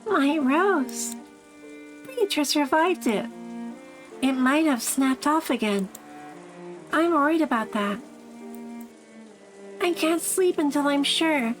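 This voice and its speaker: Anxious small girl, high childish whimper, read by a woman streamer. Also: lively intonation, slow pace, pauses often, faint music behind, rough recording. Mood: worried. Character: anxious little girl fixated on a rose.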